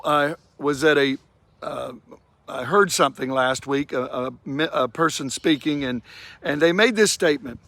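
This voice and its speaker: A middle-aged man giving a short devotional talk, unhurried, stretching key phrases for emphasis. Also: a little high, fairly bright tone, no room sound. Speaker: devotional speaker.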